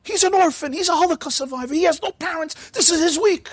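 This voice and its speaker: A man's voice: very high voice, quick pace, dry recording, clean studio sound, voice pushed up. A man voicing an impatient synagogue official who scolds in a curt, raised voice. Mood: scolding.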